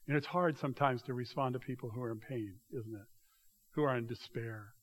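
A man preaching a sermon in a church, swinging between loud, raised passages and hushed, quiet asides. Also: medium pitch, fairly quick. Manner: dramatic shifts between loud acted quotes and hushed asides. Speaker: pastor.

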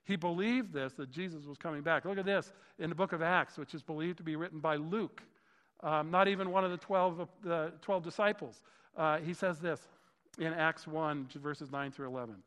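Enthusiastic pastor preaching in a reverberant hall. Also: male voice, a little high, normal speed, fairly bright tone. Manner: enthusiastic, exclaiming in wonder. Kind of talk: sermon. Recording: long reverb of a large hall.

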